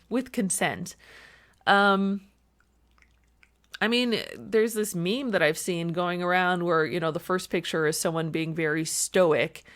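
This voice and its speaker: A young woman talking through a personal diary vlog in a reflective, chatty way. She laughs often, swears casually and fills her talk with "like" and "you know". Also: fairly low pitch. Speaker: vlogger.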